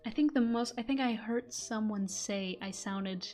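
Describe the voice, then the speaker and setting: A woman's voice: fairly high pitch, unhurried, a little mellow, faint music behind. Chatty young woman. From Portugal. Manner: chatty, laughs often, trails off and restarts. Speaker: voice actor streamer. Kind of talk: casual chat stream.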